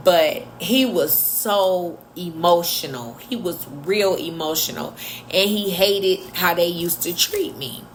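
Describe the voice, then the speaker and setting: A woman's voice: on the low side, takes it slowly, a little hiss or hum. A woman telling a workplace story in a casual, blunt and chatty way, with sarcastic asides. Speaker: vlogger.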